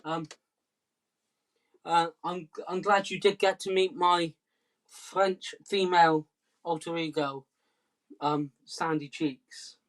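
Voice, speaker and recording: A man from southwest England doing rambling comic patter between songs, hesitant and deadpan, full of ums and restarts. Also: on the high side, takes it slowly, long pauses. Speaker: comedy musician hosting a live stream.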